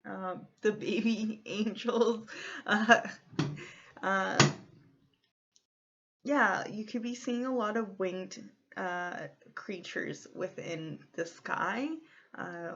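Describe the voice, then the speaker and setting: A woman in her thirties talks her way through a casual tarot reading, drifting chattily from idea to idea. Her delivery is unhurried and gravelly with vocal fry. The recording sounds a little dull and lo-fi. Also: a little high, steady tone, slight background noise. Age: 30s. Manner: meandering, chatty, free-associating. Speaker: tarot card reader. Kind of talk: casual pick-a-card reading.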